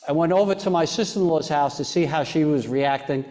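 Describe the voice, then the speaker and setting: During an on-stage interview, the chairman of a foundation earnestly relates a personal story, his voice on the high side. He hesitates, restarts often, and occasionally falls very quiet.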